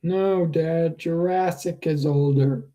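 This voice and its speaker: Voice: mid-range voice, steady tone, takes it slowly, dark tone, close to an everyday voice. A reader voicing an eleven-year-old boy who corrects his father with earnest exasperation. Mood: exasperated. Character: clever eager boy, about eleven.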